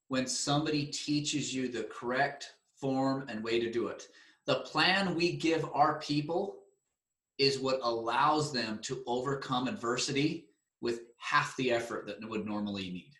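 A man hosting a talk, enthusiastically promoting his seminar in an energetic, animated way. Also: medium pitch, a little slow. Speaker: seminar host. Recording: roomy echo.

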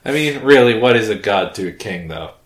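A man's voice: fairly low pitch, animated, a little fast, roomy sound. A man narrating as game master in a tabletop game, playful and often laughing.

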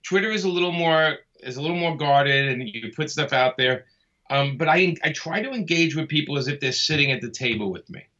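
A man's voice: a little high, lively intonation, a little fast, pushed and bright, highs cut off. A man from Brooklyn, talking casually and easygoingly as an interview guest, often laughing as he speaks. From Brooklyn, New York. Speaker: comic artist guest.

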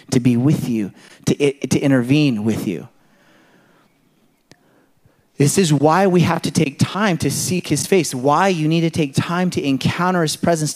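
A man preaching a sermon in a conversational, animated way, full of rhetorical questions and illustrations from his home life. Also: a little high. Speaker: pastor.

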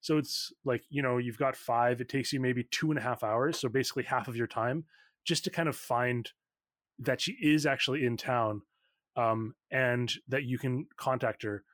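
A man running a tabletop game as game master, narrating quickly and loosely with plenty of likes and ums. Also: medium pitch, fairly even intonation, a bit bright, no echo, clean studio sound.

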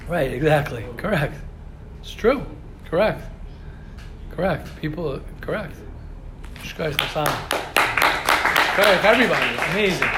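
A man's voice: fairly high pitch, animated, unhurried, pauses often, background noise. A man teaching a religious class to students, emphatic and repetitive, sometimes acting out their complaints. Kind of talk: lively classroom lecture. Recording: echoey room.

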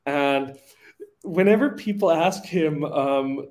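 A man's voice: high voice, moderate pace. A man from Austria co-hosting a political chat show, telling stories animatedly with lots of fillers and acted-out quotes. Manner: animated storytelling, acts out quotes, many fillers. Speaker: podcast co-host.

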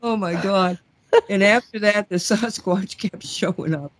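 A woman's voice: mid-range voice, a little slow, a little hiss or hum. A woman hosting a talk show, telling stories in a rambling way, laughing often and restarting her sentences. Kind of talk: casual storytelling chat.

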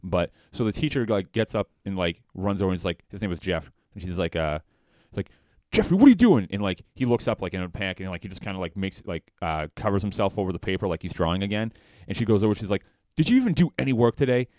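A young man with a very low voice talks casually on a podcast, blunt and crude, with plenty of swearing and filler words. The sound is dry and close to the mic. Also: fairly even intonation, fast talker, darkish tone, no echo. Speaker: podcast co-host. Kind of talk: casual chat.

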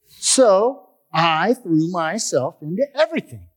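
Expressive man telling his recovery story. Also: on the high side, moderate pace, long pauses. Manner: storytelling, expressive, acts out dialogue. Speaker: testimony speaker. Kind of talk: personal recovery testimony.

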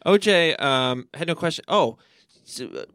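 A man in casual podcast chat, tossing in wry follow-up questions and relaxed anecdotes. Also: a little high, unhurried, smooth, no echo.

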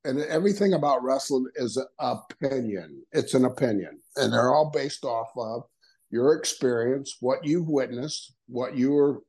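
An older man with a mid-range, slightly dark voice appears as a guest on an interview podcast, and the recording is rough. He's a retired wrestler who tells stories casually, acts out quoted dialogue and laughs a lot.

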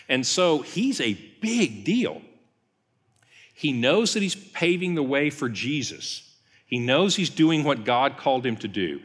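A man's voice: mid-range voice, big pitch swings, unhurried, fairly bright tone, breathy edge. Guy pastor teaching a bible study, storytelling, voice swoops up and down, big echoey church hall. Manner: conversational storytelling, acts out quoted lines. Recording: long hall reverb.

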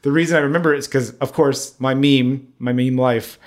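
A man in easygoing conversation with a medium-pitched voice. He rambles and hesitates, with frequent fillers and restarts, in a loose, unscripted chat. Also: fairly even intonation, a little fast. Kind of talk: casual chat.

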